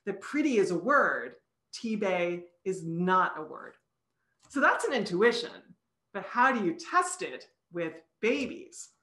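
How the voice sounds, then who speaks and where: A woman's voice: medium pitch, sing-song, slow pace, a bit bright. Woman lecturing in an echoey room. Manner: explanatory, sounds out syllables and examples. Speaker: psychology professor giving a talk. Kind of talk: recorded online lecture. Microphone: video call.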